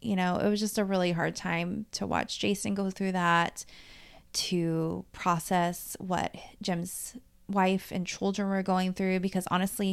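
A woman's voice: on the low side, gravelly, smooth. A woman in her forties from the Dallas-Fort Worth area, a life coach talking through her year on her own podcast in a candid, chatty way with casual swearing. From Dallas-Fort Worth, Texas. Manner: chatty, candid, swearing freely, quickening and slowing as she tells a story. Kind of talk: casual solo podcast monologue.

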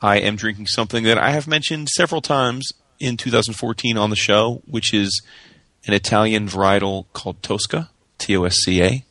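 A man co-hosting a podcast, talking in a measured, earnest way about upcoming releases. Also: on the low side, a bit bright, no room sound. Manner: measured, earnest, plugs pre-orders. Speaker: podcast co-host. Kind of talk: casual chat with announcements.

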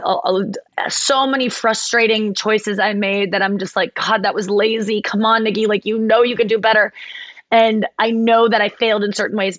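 A woman co-hosting a podcast in loose, candid chat. She rambles and restarts as she thinks aloud, her voice sitting at a middling pitch. The sound is close and dry. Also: fairly bright tone, no echo. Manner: candid, rambling, self-correcting. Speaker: podcast co-host, comedian. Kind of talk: casual chat.

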